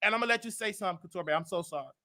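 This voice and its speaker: A man hosting a gossip show, talking brashly and animatedly with a Southern US accent, trash-talking and shouting out his critics. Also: sits high, rapid-fire. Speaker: show host. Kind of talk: loud gossip commentary.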